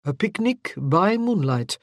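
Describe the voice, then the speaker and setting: A narrator voicing a suave, charming earl who speaks in a smooth, courteous manner. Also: male voice, high-pitched, sing-song, slow, no echo, clean studio sound, heavily acted.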